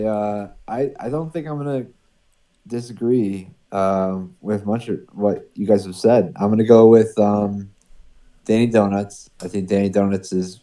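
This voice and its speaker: Low mellow New England man hosting. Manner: hesitant, filler-heavy, runs the picks. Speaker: podcast host. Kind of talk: casual panel chat.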